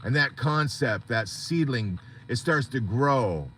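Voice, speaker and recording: A man's voice: mid-range voice, animated, takes it slowly, a bit bright, slight background noise. A man hosting a support group on a live stream, talking in an earnest, rambling, motivational way.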